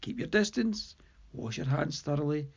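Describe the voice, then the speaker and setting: Woman podcast host, gravelly, low-pitched, measured narration. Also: animated, a little mellow. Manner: measured, deliberate. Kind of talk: scripted story narration.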